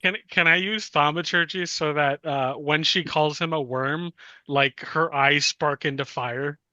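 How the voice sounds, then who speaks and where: A man's voice: a little high, fairly even intonation, a little slow, sharp tone, dry recording, highs cut off. A man playing in an online tabletop game, chatty and easygoing. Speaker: player. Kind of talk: casual tabletop game chat.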